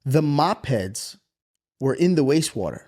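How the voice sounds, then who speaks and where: A man's voice: medium pitch, measured pace. A man in his thirties, a podcast co-host, telling a story in casual chat, cursing freely and acting out the voices of the people in it. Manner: profane, animated, acts out quoted voices.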